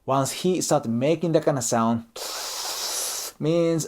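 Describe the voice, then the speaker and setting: Japanese-accented man, lively teaching voice. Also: mid-range voice, takes it slowly, pauses often. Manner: non-native English with frequent tag questions like okay and right; acts out example dialogues. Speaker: YouTuber explaining Japanese culture. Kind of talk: casual online lesson.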